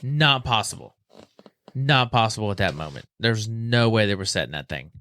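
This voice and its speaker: A young man with a lowish voice, talking a little fast, tells a story casually as a guest on a podcast. He's animated and acts out the voices of the people he quotes.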